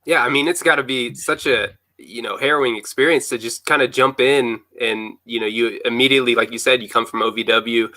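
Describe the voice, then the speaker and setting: Man, podcast host, bright voice, dry sound, eager questions. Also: medium pitch, fairly even intonation, a little fast, hardly any pauses, dry recording, rough recording. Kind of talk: casual interview chat.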